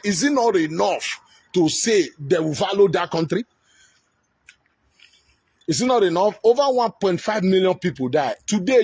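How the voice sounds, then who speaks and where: A man's voice: high-pitched, slight background noise, rough recording. A man with a Nigerian accent giving heated, scornful commentary, with many fillers and restarts. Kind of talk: ranting commentary.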